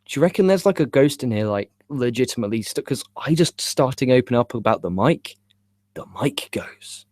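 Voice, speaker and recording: Young male streamer, middle pitch, agitated rambling, dry sound. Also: expressive, a little fast, a little mellow, dry recording. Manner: frustrated, swearing, rambling with stammers. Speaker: live show host. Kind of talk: live stream chat about wrestling. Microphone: cheap USB microphone.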